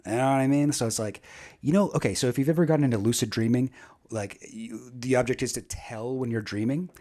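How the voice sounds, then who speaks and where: A man's voice: mid-range voice, brisk, mellow. A Canadian man giving wry, rambling casual commentary on a video as a creator. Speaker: YouTube creator. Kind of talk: casual commentary reading jokes aloud.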